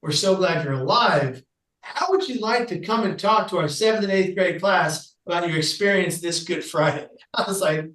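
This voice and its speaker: A man telling a personal story as a podcast guest, animated and acting out the people he quotes. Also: high voice, normal speed, echoey room, far from the mic, poor audio.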